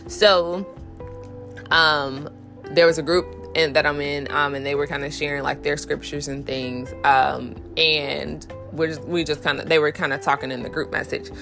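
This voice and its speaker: Her voice is gravelly and fairly bright as she hosts a podcast, speaking candidly about faith in a casual way. She uses many fillers and restarts, and she acts out inner voices by raising her pitch.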